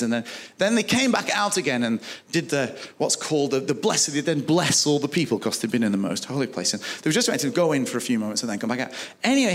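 A man preaching a sermon, telling a Bible story with animated delivery and acting out the dialogue. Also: on the high side.

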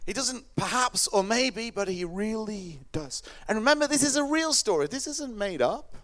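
A man preaching a sermon, telling the story dramatically and swinging from loud calls to hushed words. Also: high voice, animated, moderate pace. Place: hall or church with a microphone.

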